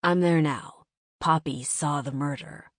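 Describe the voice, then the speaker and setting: A terse male secret agent, calm, slow and low, dry sound. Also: dry recording. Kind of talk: audiobook character voice.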